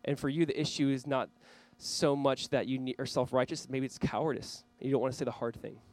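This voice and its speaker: A man's voice: medium pitch, steady tone, a little fast, low-quality recording. A man preaching a sermon as pastor, earnestly urging his listeners. He speaks straight to a camera for viewers watching online.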